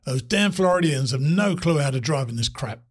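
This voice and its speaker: A man voicing a gruff, sarcastic retired older man with a harsh, barking way of talking and a husky voice. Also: fairly high pitch, lively intonation, moderate pace.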